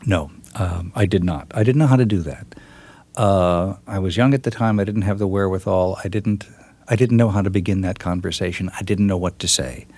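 A middle-aged man, an author, being interviewed and answering reflectively, with many halting restarts. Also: low-pitched, darkish tone, no room sound. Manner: thoughtful, halting with repeated starts. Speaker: author guest.

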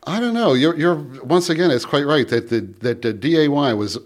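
A man talking as a guest on a call-in radio show, speaking thoughtfully with frequent pauses and fillers. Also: a little high, very animated. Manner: hesitant, thoughtful, with many fillers. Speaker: radio guest, language author.

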